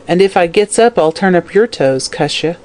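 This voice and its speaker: Narrator doing a croaking old slum hag. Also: mid-range voice, normal speed, lightly acted. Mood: vicious. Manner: snarling, cursing, whining. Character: dying old drunken slum woman, vicious. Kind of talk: audiobook character voice.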